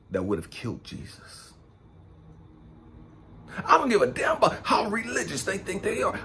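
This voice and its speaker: A man preaching a blunt, profane street-style sermon, dropping to low mutters and rising to shouts. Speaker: spiritual coach and speaker.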